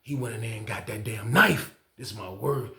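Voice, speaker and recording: A man telling a prison story in casual slang, acting out the people he quotes with loud shouts. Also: fairly low pitch, normal speed, gravelly, echoey room, crowd noise.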